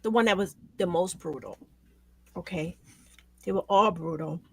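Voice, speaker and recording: A woman hosting a talk show, speaking with raw emotion, her voice swinging between loud outbursts and hushed near-whispers. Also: fairly low pitch, moderate pace, creaky, husky. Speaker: show host. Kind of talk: emotional commentary chat.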